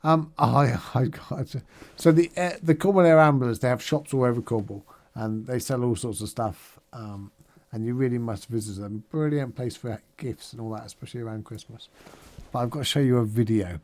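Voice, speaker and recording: A man's voice: medium pitch, a little fast, darkish tone. A middle-aged man giving a casual, upbeat video-diary recap of a charity challenge day, chatty and rambling with fillers and asides.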